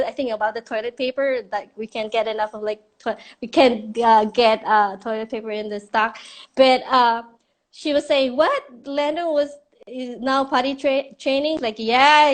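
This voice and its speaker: A woman from a church's children's ministry chats on a live stream. Her speech rambles with fillers and little laughs, and her voice sits somewhat high. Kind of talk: casual live-stream chat.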